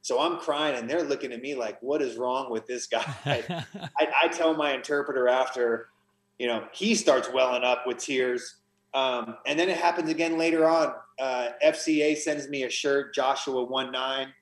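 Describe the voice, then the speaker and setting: A man of middle pitch speaking as a podcast guest, earnest and emotional as he tells his story and often restarts his phrases. His voice carries a noticeable room echo. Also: steady tone, normal speed. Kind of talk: conversational testimony.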